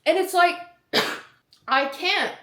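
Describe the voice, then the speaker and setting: A woman's voice: very high-pitched, very slow, sharp tone. A woman content creator talking casually to camera, earnest and rambling, often checking in with tag questions. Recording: roomy echo.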